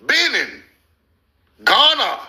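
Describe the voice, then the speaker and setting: A host gives casual commentary over maps, loud and incredulous, laughing and swearing as he slowly draws out names for emphasis. His voice is very high, with huge pitch swings.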